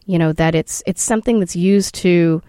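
A woman's voice: on the low side, moderate pace, warm tone, clear, resonant tone, no room sound, clean studio sound. A woman hosting a podcast interview, asking thoughtful, probing questions.

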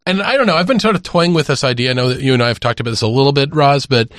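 A man co-hosting a podcast, thinking out loud in casual chat. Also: medium pitch, racing, no echo, studio quality. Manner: thoughtful, talks through ideas with fillers. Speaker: podcast co-host.

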